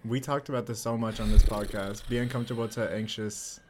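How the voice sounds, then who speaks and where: A woman's voice: very deep voice, steady tone, a little fast, background noise. A woman co-hosting a podcast, chiming in with blunt, supportive reactions. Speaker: podcast co-host. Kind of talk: casual chat.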